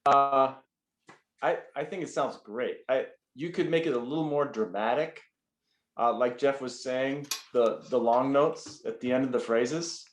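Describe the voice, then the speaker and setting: A man giving gentle feedback in a horn masterclass, stumbling over his words. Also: medium pitch, measured pace, roomy sound. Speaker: horn teacher.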